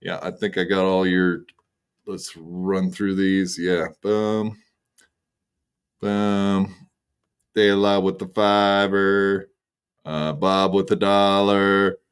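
A man closes out his livestream in a slow, unhurried drawl. His voice sits low, and he talks in a laid-back, crude, joking way into a desk mic. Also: little pitch movement, smooth. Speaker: streamer host. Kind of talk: casual livestream sign-off.

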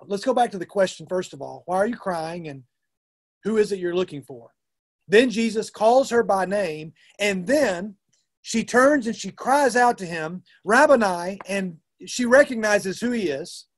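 A man's voice: high-pitched, expressive, measured pace. A middle-aged man with a Southern US accent, a youth minister giving an earnest, conversational talk to fellow ministers with frequent restarts.

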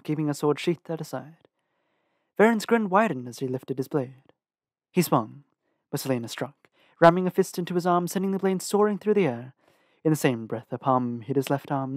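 Expressive male audiobook reader. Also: dry recording, clean studio sound. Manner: expressive reading, lively shifts in pitch. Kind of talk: audiobook narration.

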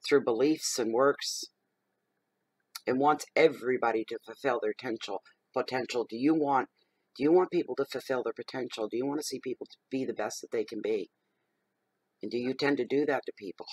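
Middle-aged guy doing a tarot reading, dry sound, loud and emphatic, gets all fired up. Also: medium pitch, no echo, low-quality recording. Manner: expressive and emphatic, gets riled up. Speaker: tarot reader. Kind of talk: general tarot reading monologue.

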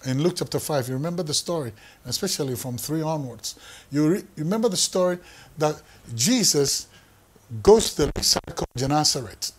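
A man's voice: a little high, husky. A man, preaching a sermon in an emphatic way, repeating phrases for effect. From Ghana. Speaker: pastor.

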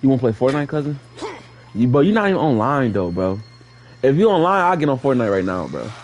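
A man giving live gameplay commentary, playfully trash-talking enemies and repeating excited catchphrases. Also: medium pitch, fast, a little hiss or hum. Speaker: gaming streamer.

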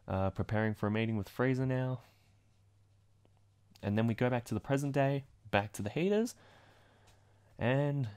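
A man's voice: medium pitch, darkish tone, clean tone. A man hosting a casual comic recap video, chatty and rambling as he strings events together. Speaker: video host.

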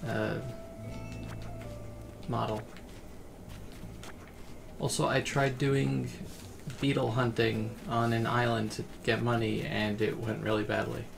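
A man's voice: medium pitch, takes it slowly, creaky, long pauses, over music. A man streaming a game casually, rambling as he plays and reading chat messages aloud.

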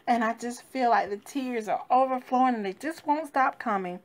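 A woman minister giving a devotional sermon, fervent and rising and falling with emphasis, at times soft and grieving. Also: a little high, moderate pace, few pauses.

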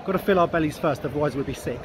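A man's voice: a little high, racing. Jokey man vlogging outdoors at night; noisy street crowd behind. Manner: chatty, jokey, laughs often, swears casually. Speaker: travel vlogger. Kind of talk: casual walk-and-talk vlog. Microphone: handheld camera he films with. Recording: busy crowd and street noise.

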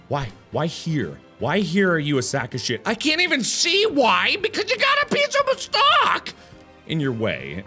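A young man giving game commentary, talking to the game, swinging from mock-soothing murmurs to loud, exasperated outbursts. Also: a little high, wildly swooping pitch, moderate pace, soft background music. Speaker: gaming video host.

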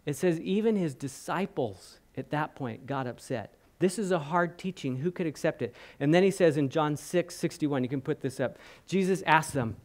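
A man's voice: on the high side, normal speed, few pauses. A man preaching a sermon in a church, retelling scenes with chatty asides and acted-out quotes. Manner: animated storytelling, voicing the crowd and speaking in asides. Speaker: pastor.

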